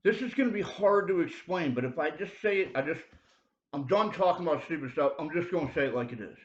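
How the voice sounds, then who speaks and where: Man, slightly high voice, rambling and insistent, lo-fi roomy home recording, confessional video preacher. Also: expressive, fast. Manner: rambling, heavy fillers like dude and bro; urgent, insistent appeals to the listener. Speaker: self-made video preacher. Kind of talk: rambling confessional monologue to camera. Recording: roomy, dull lo-fi sound.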